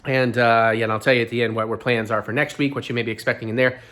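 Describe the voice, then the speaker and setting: A man hosting his own vlog in casual chat, his voice hoarse and gravelly, rambling on with self-deprecating asides. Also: medium pitch, steady tone, quick pace, fairly bright tone. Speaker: vlog host.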